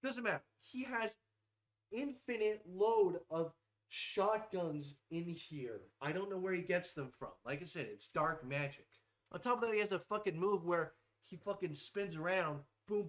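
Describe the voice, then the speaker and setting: A man's voice: high voice, expressive, measured pace, fairly bright tone. Brash profane young man ranting. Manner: brash, swears constantly, mock-tough bravado. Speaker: host ranking game characters. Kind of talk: profane comedic tier-list rant.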